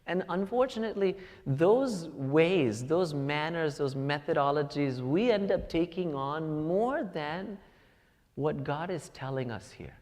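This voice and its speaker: A man preaching to a congregation in a large hall with a long trailing reverb. His pitch swings widely as he tells personal stories and climbs to emphatic points. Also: lively intonation, measured pace, a little mellow. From United States. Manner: storytelling, rising to emphatic peaks. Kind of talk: sermon.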